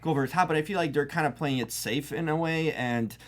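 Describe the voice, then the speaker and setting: A man's voice: fairly high pitch, fast. A man from Chicago on a wrestling panel, dry and teasing as he gives his opinion. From Chicago, USA. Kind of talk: casual panel chat.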